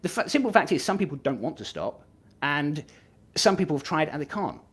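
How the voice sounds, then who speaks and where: Lively Norfolk-accented Englishman chatting. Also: on the high side, brisk, slightly rough. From England. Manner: animated, laughs often, trails off and restarts. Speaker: podcast guest. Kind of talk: casual chat.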